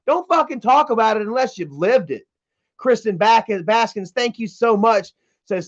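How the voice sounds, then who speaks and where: Man, high-pitched, cussing livestreamer, candid rant, muffled stream sound. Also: expressive, normal speed. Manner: blunt and profane, reads chat comments aloud. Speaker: livestream host reading chat. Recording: dull lo-fi stream audio.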